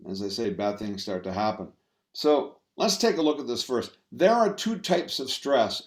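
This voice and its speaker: A man giving a talk on stress management to an audience, halting and full of fillers and restarts. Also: fairly low pitch. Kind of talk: presentation talk. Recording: roomy echo.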